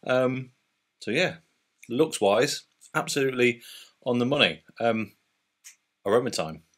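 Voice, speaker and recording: A man's voice: medium pitch, measured pace. A British man hosting a casual beer review vlog, chatty and upbeat with loose fillers. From Britain.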